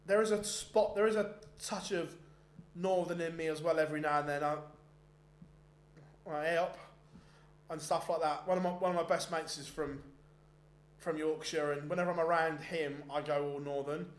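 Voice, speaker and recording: A man's voice: on the high side, steady tone, normal speed, pauses often. A man hosting a darts stream, chatting casually and rambling with frequent restarts between bits of live commentary. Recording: roomy echoey sound.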